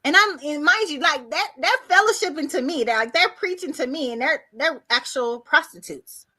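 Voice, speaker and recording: A woman guest on a video-call podcast, telling her life story in a casual, animated way and acting out other people's words. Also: high voice, moderate pace.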